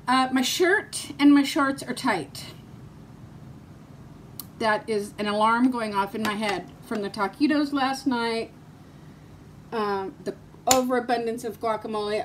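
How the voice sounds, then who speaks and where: A woman's voice: a little high, a little hiss or hum. A woman vlogger talking casually to her viewers, telling stories and laughing often as she goes. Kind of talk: casual chat vlog with storytelling.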